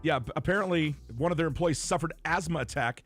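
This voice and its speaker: A man's voice: on the high side, a bit bright, no echo. A man co-hosting a casual radio show, tossing in jokes and laughing often. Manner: jokey, quick with quips and laughs. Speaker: radio co-host. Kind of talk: casual morning radio chat.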